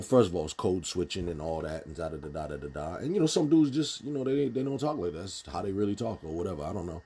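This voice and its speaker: A man's voice: low voice, mellow, husky. A man giving a casual, blunt spoken commentary, emphatic and full of restarts. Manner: emphatic, many fillers and restarts, speaks bluntly.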